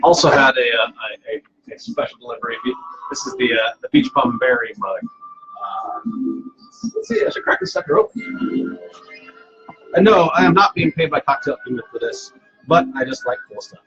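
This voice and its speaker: A man's voice: mid-range voice, big pitch swings, normal speed, muffled recording, music in the background. A man hosting a casual live cocktail stream from home, playful and self-mocking, rambling with fillers. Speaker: cocktail show host.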